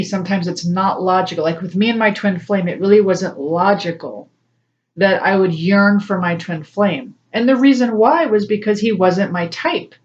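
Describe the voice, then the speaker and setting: A woman's voice: mid-range voice, muffled recording. A woman, a spiritual coach, talking casually and personally to her viewers, laughing often and acting out voices when she quotes people. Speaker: spiritual coach and tarot reader. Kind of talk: casual personal talk to camera.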